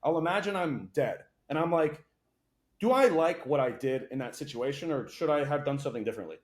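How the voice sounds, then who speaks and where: A young man speaks as a podcast guest in a casual, loose chat. His words come rapid-fire, full of swearing and lively storytelling, and his voice sits a touch high for a man. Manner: fast, profane, animated storytelling.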